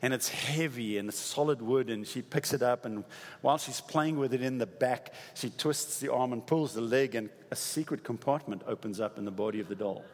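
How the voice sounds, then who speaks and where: A man preaches, telling stories with animated, emphatic swells. His voice sits at a middle pitch. Long reverb fills the large church hall. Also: fairly quick. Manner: animated, rising to emphatic peaks. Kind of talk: sermon storytelling.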